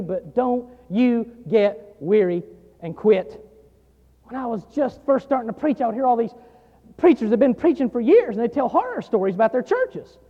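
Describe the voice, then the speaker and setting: A pastor delivers a sermon from the pulpit, his voice sitting unusually high. He repeats phrases with rising force, storytelling between bursts of emphasis. The recording is dull and muffled, with a long church reverb trailing every line. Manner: emphatic preaching, repeating phrases, swelling louder on key lines. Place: church sanctuary.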